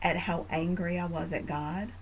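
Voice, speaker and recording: A woman hosting a faith podcast, talking in an earnest, reflective way with frequent fillers and growing animated in family stories. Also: fairly low pitch, normal speed, slight background noise, rough recording. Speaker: podcast host.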